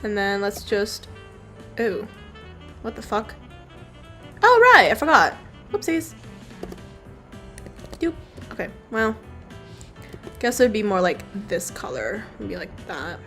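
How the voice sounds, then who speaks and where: A woman's voice: medium pitch, a little slow, long pauses. A young woman casually talking through her digital drawing, rambling and offhand, with the odd swear word. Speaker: digital artist streamer. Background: faint background music.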